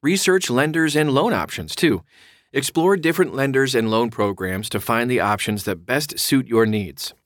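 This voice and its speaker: Male explainer voice, mid pitch, clear and instructive with casual asides, close and dry sound. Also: fairly bright tone, no echo. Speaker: mortgage explainer. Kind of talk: reading an explainer aloud.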